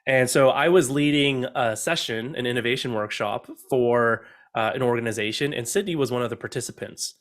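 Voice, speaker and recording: A man's voice: mid-range voice, brisk, few pauses, a bit bright. A middle-aged man giving an upbeat online talk on innovation, asking his listeners direct questions. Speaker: innovation speaker.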